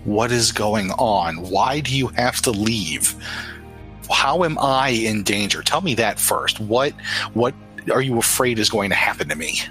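A man voicing a gruff middle-aged military father who is angry and protective, demanding answers with a stern edge. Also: fairly low pitch, expressive, a little slow, a bit bright, faint music behind, poor audio. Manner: ranting, stammering when mad.

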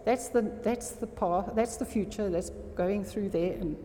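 A woman's voice: medium pitch, unhurried, warm tone, slight background noise. A woman preaching an earnest sermon to a congregation, often checking that her listeners are still with her. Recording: long reverb of a hall.

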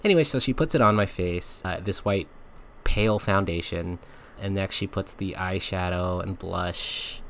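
A man's voice: sits low, moderate pace, a bit bright, a little hiss or hum. A man, a podcast host, casually telling a personal story, laughing often and acting out the lines people said. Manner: chatty, laughs often, acts out quotes.

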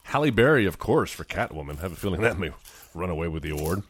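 A man's voice: sits low, sing-song, fast talker, husky, dry recording. A man in his forties co-hosting a casual podcast, joking and laughing often. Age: 40s. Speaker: podcast co-host.

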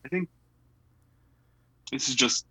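A man's voice: slow pace, crowd noise, poor audio. A young man from the United States, chatting casually as an interviewee, self-deprecating and full of fillers.

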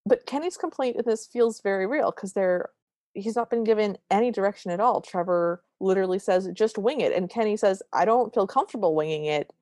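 A woman's voice: mid-range voice, brisk, no echo, studio quality. A woman co-hosting a podcast, retelling a movie scene by scene in casual chat and acting out the characters' lines. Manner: animated retelling with quoted lines. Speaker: podcast co-host.

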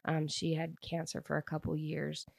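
Low-voiced young woman, rambling book recap. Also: monotone, normal speed, gravelly, darkish tone, no room sound, studio quality. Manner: chatty, rambling, many fillers and restarts. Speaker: book reviewer. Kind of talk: casual plot recap.

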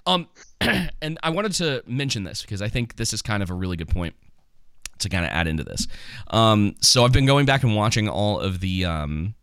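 A man's voice: fairly low pitch, big pitch swings, normal speed, a bit bright, clean tone, no room sound, clean studio sound. A man co-hosting a podcast, chatting casually about movies in a rambling, joking way with lots of ums and restarts. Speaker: podcast co-host.

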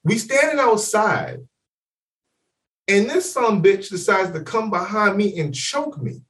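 A man's voice: sits high, a little slow, recorded from a distance. A man co-hosting a podcast, telling a story in casual chat, swearing freely and acting out what people said. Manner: animated, profane, acts out quotes. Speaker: podcast co-host.

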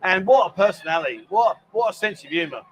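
A man with a notably high voice hosts a live stream from a lounge bar, reading out viewer messages. His talk is jokey and teasing, broken by loud outbursts, with faint room ambience behind him. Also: expressive, fast talker, lo-fi sound, a little hiss or hum. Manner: joking, teasing banter with loud exclamations. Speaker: livestream host.

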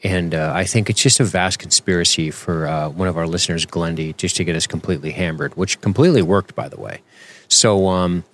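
A man's voice: sits low, brisk. A man co-hosting a podcast in casual chat, rambling and joking with lots of fillers and self-corrections. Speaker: podcast co-host.

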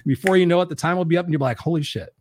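Fast-talking, swearing male talk host. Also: on the high side, a little mellow, slightly rough. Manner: loose, profane, rambling storyteller. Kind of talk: casual live-stream chat.

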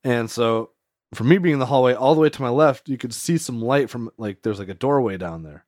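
A man with a mid-range, slightly mellow voice talks a bit fast as he co-hosts a podcast, spinning a meandering story with lots of "like"s and plenty of laughter. The audio is clean studio sound with no room tone.

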